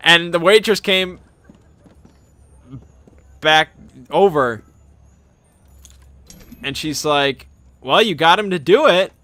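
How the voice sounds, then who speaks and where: A man's voice: on the high side, bright, forceful tone, clean tone, no echo. A man hosting his channel, telling a rambling, amused anecdote in a casual way. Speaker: channel host. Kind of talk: casual storytelling.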